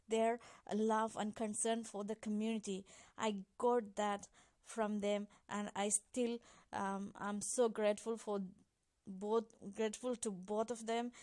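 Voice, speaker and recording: Earnest woman with a higher voice. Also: darkish tone, no echo. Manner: earnest, halting retelling with many restarts. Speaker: migrant sharing a personal story. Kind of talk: personal anecdote.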